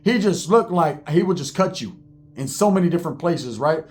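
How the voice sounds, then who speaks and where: A man spinning a profane, animated street story, heavy on slang and asides. His voice sits fairly high for a man. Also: moderate pace.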